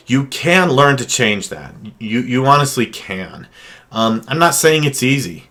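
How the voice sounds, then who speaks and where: A man's voice: medium pitch, animated, unhurried, a bit bright. A counselor, a man, giving casual advice on handling difficult people, with many fillers and restarts.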